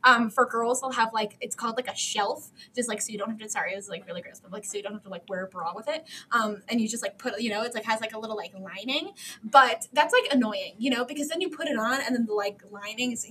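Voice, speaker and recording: A woman's voice: fairly high pitch, sharp tone, slight background noise. A young woman co-hosting a casual podcast, rambling with many fillers. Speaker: podcast co-host. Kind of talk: casual chat.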